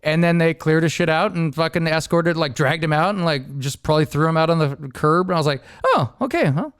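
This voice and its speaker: A man's voice: fairly high pitch, a little fast, clean tone, no room sound, clean studio sound. A man hosting a podcast, telling stories in casual chat, laughing often and acting out the people in them. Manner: laughing often, animated storytelling with impressions. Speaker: podcast host.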